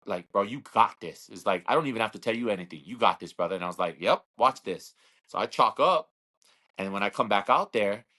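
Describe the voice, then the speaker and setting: A man's voice: medium pitch, a bit bright. Rambling man in his thirties telling a story. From Hawaii. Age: 30s. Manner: rambling, repeats words, acts out quoted voices. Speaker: interview guest, slap fighter. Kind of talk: casual storytelling interview.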